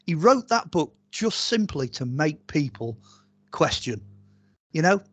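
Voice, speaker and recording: A man speaks with a fairly high voice, telling long, rambling stories with plenty of ums and restarts. The sound is dry and close, with almost no room around him. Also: measured pace, dry recording. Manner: chatty and animated, rambling with many fillers and restarts. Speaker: archaeologist and author, interview guest. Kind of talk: casual interview storytelling.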